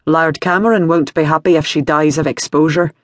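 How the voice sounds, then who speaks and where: Male reader plays an eager rough soldier, slightly raised pitch. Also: fairly quick, no room sound, clean studio sound, lightly acted. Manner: excited.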